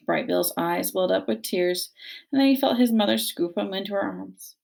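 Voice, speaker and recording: A woman reading a children's novel aloud, narrating gently and expressively. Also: fairly low pitch, moderate pace, vocal fry. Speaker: reader.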